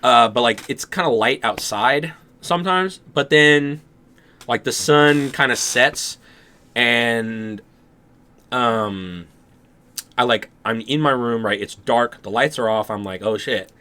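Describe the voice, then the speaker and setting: Speaking slowly in a bright, forceful, medium-pitched voice, a young man co-hosting a podcast tells a dream in casual conversation. He rambles, laughs a lot, and plays out his own reactions.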